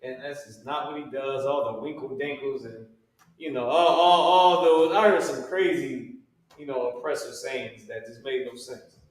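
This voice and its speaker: A man's voice: mid-range voice, normal speed, heavy reverb, recorded from a distance, rough recording. A man teaching a religious language class, talking casually with slang and frequent restarts.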